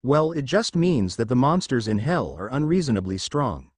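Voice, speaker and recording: A man's voice: medium pitch, very animated, moderate pace, no echo, clean studio sound. A man voicing an impatient young male gunfighter who talks bluntly and sounds irritated, in a fan storybook reading. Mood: annoyed.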